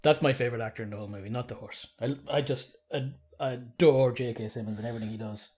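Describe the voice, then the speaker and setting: A man's voice: mid-range voice, quick pace, darkish tone, slightly rough. A man co-hosting a podcast, chatting casually and joking with a laugh in his voice. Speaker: podcast co-host. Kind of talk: casual chat.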